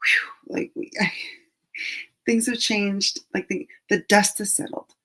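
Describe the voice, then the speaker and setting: A middle-aged woman leads a live-streamed card reading at an unhurried pace. Her voice is gravelly and slightly husky, and she talks in a chatty, gently reassuring way. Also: mid-range voice, steady tone, rough recording. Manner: chatty and gently reassuring, drops into soft asides. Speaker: angel card reader hosting a live stream.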